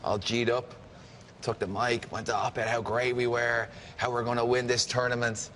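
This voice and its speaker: A man's voice: medium pitch, little pitch movement, normal speed, a bit bright, slight background noise. A man telling a wrestling story in casual chat, laughing and rambling along. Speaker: wrestling podcast guest.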